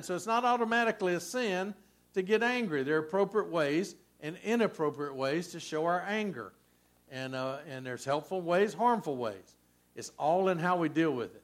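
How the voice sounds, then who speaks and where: A man preaching a sermon as a pastor, conversational and folksy, with frequent asides to the congregation. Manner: conversational preaching, folksy asides, lively swings in pitch and loudness.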